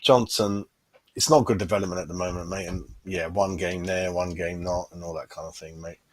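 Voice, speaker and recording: A man's voice: low voice, steady tone, brisk, no room sound. Chatty man saying mate a lot. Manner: chatty, says mate constantly, many tag questions. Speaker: fan channel host. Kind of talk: casual livestream chat.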